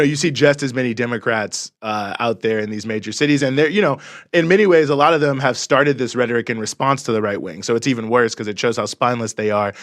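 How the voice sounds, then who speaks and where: A man's voice: medium pitch, a bit bright, no echo. Male talk show host, dry sound. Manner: casual, conversational, quick asides.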